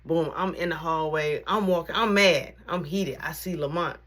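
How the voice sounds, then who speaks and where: A woman's voice: sits low, moderate pace. A woman casually telling a story in slang, acting out the voices of the people in it. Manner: animated, slangy, acts out quotes.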